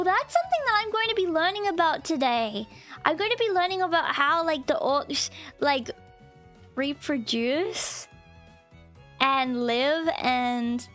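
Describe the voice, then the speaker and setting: Bubbly high-voiced woman streamer. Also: fairly bright tone. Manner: bubbly, giggly, rambling with "like". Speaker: streamer, VTuber. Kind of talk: casual live-stream chat.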